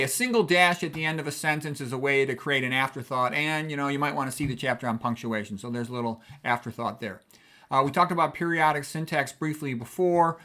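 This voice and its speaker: A man's voice: a little high, bright, forceful tone. A middle-aged man teaching writing in a casual, conversational lecture, often checking in with "okay". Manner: conversational, chatty, punctuates with "okay".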